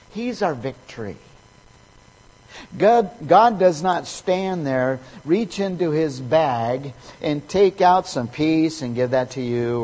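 A man delivers a sermon in a slow, deliberate cadence, his voice slightly husky. He leans on repetition and emphasis to drive each point home. The sound rings out with the long reverb of a large hall. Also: mid-range voice, a little mellow. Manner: emphatic, repeats key phrases. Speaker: preacher.

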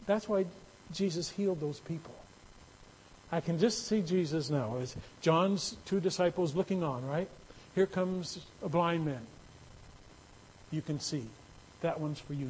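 A man's voice: fairly high pitch, animated, a little slow, long pauses, a little mellow, slight background noise, low-quality recording. A man preaching a sermon in a conversational way that builds into emphatic, raised passages. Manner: conversational, rising to emphatic bursts. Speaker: pastor.

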